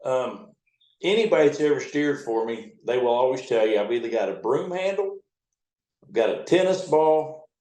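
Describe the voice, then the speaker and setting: A man's voice: medium pitch, animated, normal speed, warm tone. A middle-aged man, a riverboat captain, telling blunt, profane, rambling stories in a casual interview. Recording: echoey room.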